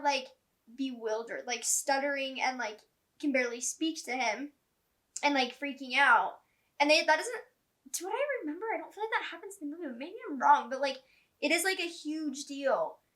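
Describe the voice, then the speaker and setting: A woman chatting excitedly in a casual reading vlog at home, filling her talk with "like". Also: high-pitched. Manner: chatty and excitable, heavy use of "like". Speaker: book vlogger.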